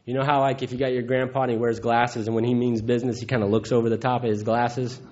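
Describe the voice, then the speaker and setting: A man's voice: mid-range voice, level tone, quick pace, a little mellow. Candid man telling his recovery story. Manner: earthy, candid, acts out quoted voices. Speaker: recovery meeting speaker. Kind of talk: personal testimony storytelling. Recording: dull lo-fi recording.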